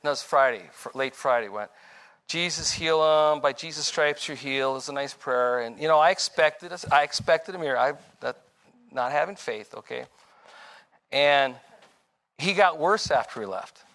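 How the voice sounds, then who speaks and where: A man's voice: mid-range voice, expressive, moderate pace, a bit bright. An older man giving a rambling, informal testimony sermon, correcting himself as he goes and chuckling between points. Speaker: preacher.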